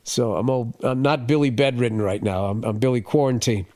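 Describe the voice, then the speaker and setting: A man's voice: medium pitch, fairly even intonation, brisk, a little mellow, no room sound. A man down with the flu rants through a profane travel story in casual podcast talk. His voice sits in a middle range, recorded very dry and close. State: sick with the flu.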